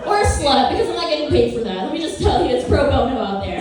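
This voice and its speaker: High-voiced woman doing stand-up comedy. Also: lively intonation, fast, crowd noise. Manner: playful, self-mocking, conversational. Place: comedy club with live audience. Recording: roomy, distant live club recording.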